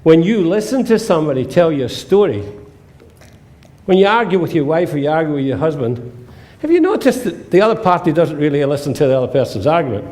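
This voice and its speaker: A man's voice: fairly high pitch, sing-song, fairly quick, darkish tone. A man, giving a humorous seminar talk to a live audience as the presenter. He tells jokey stories and acts out the dialogue in them.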